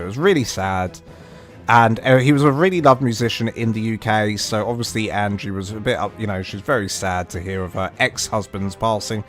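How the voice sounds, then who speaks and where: A British man streaming a game and telling a rambling story, animated and full of restarts and asides. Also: on the low side, normal speed, soft background music. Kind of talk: casual storytelling on a livestream.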